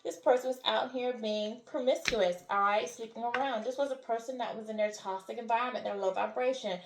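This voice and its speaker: A woman's voice: a little high, brisk, roomy sound, background noise. A woman giving a spiritual tarot reading who keeps checking in with "all right?" and "okay?". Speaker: tarot reader.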